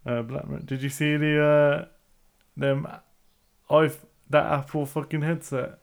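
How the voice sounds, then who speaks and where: A man's voice: on the high side, measured pace, vocal fry. A man, co-hosting a casual chat and telling stories animatedly. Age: 30s. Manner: animated storytelling, acts out quoted people. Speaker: podcast co-host.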